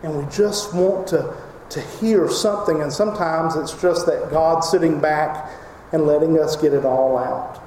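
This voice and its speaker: A man's voice: fairly high pitch, measured pace, darkish tone. A man preaching a sermon as pastor, emphatic and crying out when he quotes scripture. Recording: echoey hall reverb, faint noise.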